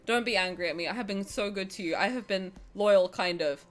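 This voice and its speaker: A woman streaming a game, talking casually with her chat, swinging from loud squeals to quiet mutters. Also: mid-range voice, brisk.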